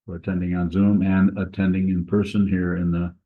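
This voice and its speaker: A man with a very low voice gives a slow, halting Dharma talk, pausing often and circling back on his words. He speaks in a monastery meditation hall. The recording is echoey and a little dull. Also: flat delivery. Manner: slow, halting, many pauses and restarts. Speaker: Buddhist teacher.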